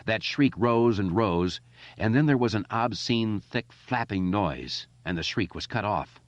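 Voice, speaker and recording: A man reading a horror novel aloud as audiobook narration, measured and dramatic, in a slightly dull, lo-fi recording. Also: on the low side, expressive, dry recording.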